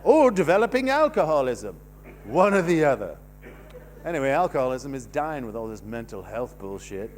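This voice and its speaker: An older man doing a stand-up comedy set on a theatre stage, rambling and self-mocking with sudden loud outbursts. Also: mid-range voice, very animated, normal speed, slight background noise. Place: stage of a cinema theatre, live audience.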